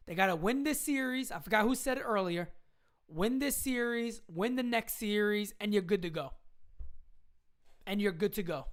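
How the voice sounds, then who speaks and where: A woman hosts a casual livestream for sports fans, answering viewer questions as she goes. Her pitch swings widely, and she hammers her points home by repeating them in slangy, blunt phrases. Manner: slangy fan talk, occasional swearing. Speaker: live stream host. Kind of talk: casual live stream chat.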